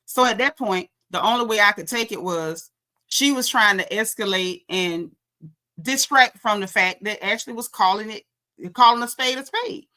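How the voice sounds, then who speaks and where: A woman's voice: medium pitch, moderate pace, sharp tone. A woman giving a sassy, slangy recap of a reality show episode, gossiping and calling out the cast.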